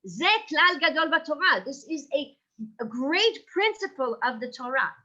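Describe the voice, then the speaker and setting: A woman teaches a class in a high, animated voice that swoops up and down as she drives her points home. She keeps checking in with her listeners with rhetorical questions and slips Hebrew terms into her English. Her tone is bright and forceful, heard through dull, lo-fi online-class audio. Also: a little slow. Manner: engaging, asks rhetorical questions with frequent "right?". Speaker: teacher of a Jewish ethics class. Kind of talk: lively lecture.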